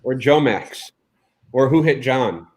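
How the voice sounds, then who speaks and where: A man's voice: medium pitch, expressive, takes it slowly, darkish tone. A man in a casual chat over drinks, playful and chuckling.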